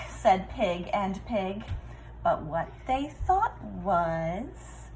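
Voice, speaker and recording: A woman reading a picture book aloud to children, expressive and talking to them directly. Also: medium pitch, slow pace, slight background noise, rough recording. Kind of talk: children's story read-aloud.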